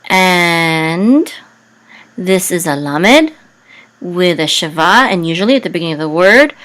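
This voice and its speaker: A woman teaching Hebrew reading and chant in a casual, halting way, with many fillers, breaking into a higher sung tone for the words. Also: fairly bright tone.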